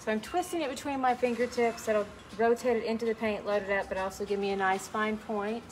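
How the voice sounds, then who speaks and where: A middle-aged woman teaching a live online painting class in a gentle, chatty way, greeting viewers by name as she works. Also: medium pitch, fairly even intonation, a little fast, a little hiss or hum, low-quality recording. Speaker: painting instructor.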